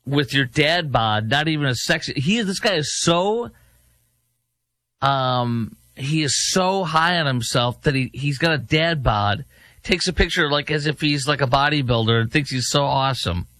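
A man hosting a commentary show, mocking and halting with many fillers. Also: on the high side, sharp tone, no room sound. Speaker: commentary host. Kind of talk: sarcastic political commentary.

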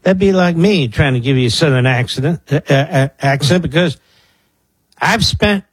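Husky sarcastic man in his sixties hosting talk radio. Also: fairly high pitch, moderate pace, dry recording. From Philadelphia area, US. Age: 60s. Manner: sarcastic, mocking asides to his producer. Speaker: radio talk show host. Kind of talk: political talk radio commentary.

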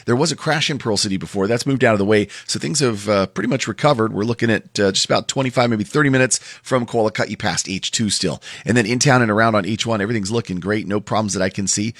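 A man's voice: fairly low pitch, fast talker, hardly any pauses, a bit bright, no echo, clean studio sound. A man giving a live radio traffic report, easygoing with fillers.

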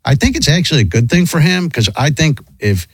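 A man's voice: a little high, a little fast, breathy edge, dry recording, poor audio. A middle-aged man telling a long, rambling story in casual chat, with many restarts. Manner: rambling, animated, frequent restarts.

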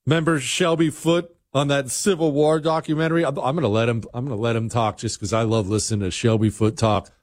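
A man's voice: medium pitch, level tone, fairly quick, few pauses. A man hosting a talk radio show, speaking bluntly and emphatically in a conversational monologue.

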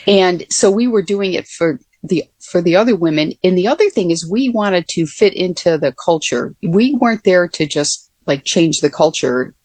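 A woman's voice: lowish voice, expressive, moderate pace, few pauses, a little mellow, dry recording. An older woman, a former Air Force pilot, telling stories in a casual interview with many fillers and restarts.

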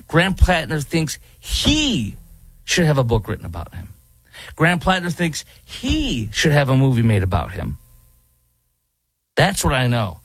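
A man's voice: medium pitch, fairly bright tone, dry recording. A man, hosting talk radio and giving indignant, rambling commentary. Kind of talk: opinionated commentary. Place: studio in Dallas.

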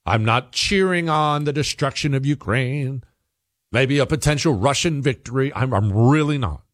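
A man's voice: medium pitch, moderate pace, no room sound, studio quality. A man hosting an opinionated political monologue, talking emphatically and repeating himself as he builds his points. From United States. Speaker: political commentary host.

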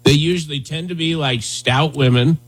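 Husky-voiced man rambling on talk radio. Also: a little high, normal speed. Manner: rambling, conversational, lots of fillers. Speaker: radio talk show host. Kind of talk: casual talk radio chat.

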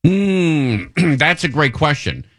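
A man's voice: on the high side, takes it slowly. A man hosting a station show, chatting casually and telling rambling stories. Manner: relaxed rambling storyteller with restarts. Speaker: radio host. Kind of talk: casual chat.

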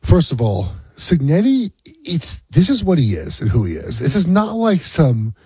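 A man's voice: a little high, wildly swooping pitch, moderate pace, a little mellow, husky, no echo. A middle-aged man co-hosting sports radio, a former pro player, talking in mock-sad sarcasm and restarting his words.

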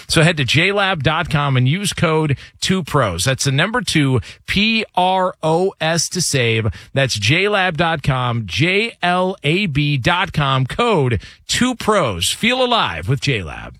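A man hosting a sports radio show, moving from laughing banter into a smooth sponsor read. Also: on the high side, a bit bright, no echo. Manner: upbeat, laughs often, smooth promo reads.

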